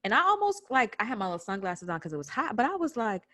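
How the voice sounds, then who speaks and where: A young adult woman from the United States, telling a personal story on a podcast in an animated way, acting out what people said. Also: fairly high pitch, fast talker, no room sound. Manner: animated retelling with quoted voices. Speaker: podcast guest recounting a protest. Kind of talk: personal storytelling in casual chat.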